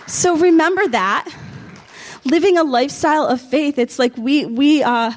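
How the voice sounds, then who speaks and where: A middle-aged woman preaching a sermon, telling stories in an animated, excitable way. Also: high-pitched, moderate pace.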